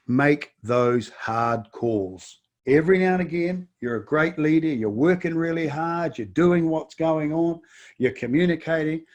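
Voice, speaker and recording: Delivering a webinar, a middle-aged business coach with a New Zealand accent uses a slightly high voice with a darkish tone, pressing his points emphatically through repeated words and a stream of rhetorical questions.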